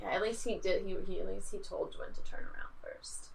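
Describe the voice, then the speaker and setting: A woman's voice: mid-range voice, steady tone, brisk, vocal fry. A woman playing in a tabletop role-playing game, chatting casually and animatedly with the group. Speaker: player.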